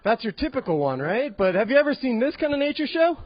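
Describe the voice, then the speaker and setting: Young man in a club set, high and bouncy voice, nervous giggles, lo-fi sound. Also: very animated, fast talker, hardly any pauses, dry recording. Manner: awkward and giggly, with many ums. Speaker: stand-up comedian. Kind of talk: stand-up comedy set. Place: comedy club. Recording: dull lo-fi live recording.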